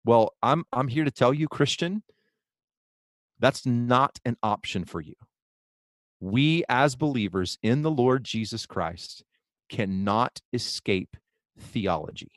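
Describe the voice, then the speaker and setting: A man's voice: mid-range voice, expressive, takes it slowly, no echo. A man co-hosting a podcast, speaking earnestly about faith, reading quotes aloud with many fillers and restarts. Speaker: podcast co-host. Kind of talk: casual podcast talk, preaching on theology.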